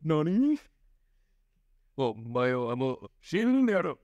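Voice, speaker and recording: A man's voice: fairly high pitch, big pitch swings, slow pace, a little mellow, dry recording, lo-fi sound. A man putting on a goofy celebrity parody voice in a sing-song, exaggerated way.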